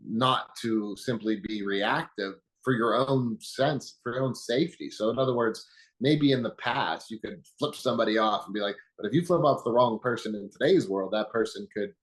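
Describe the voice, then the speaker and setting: Man, interview guest, calm, explanatory, mid pitch. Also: normal speed, rough recording. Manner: calm, teaching, uses metaphors and quoted examples. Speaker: guest, anger management expert.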